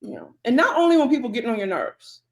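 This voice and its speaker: A woman co-hosts a podcast. She talks in a relaxed, chatty way, full of fillers and side remarks. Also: a little high, fast, vocal fry. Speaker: podcast co-host. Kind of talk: casual podcast chat.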